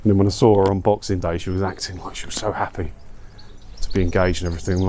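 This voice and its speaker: A man's voice: sits low, little pitch movement, rapid-fire, a little mellow, slight background noise. A man talking in a rambling, chatty, self-mocking way while walking outdoors for his vlog. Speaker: vlogger. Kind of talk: casual walking vlog chat.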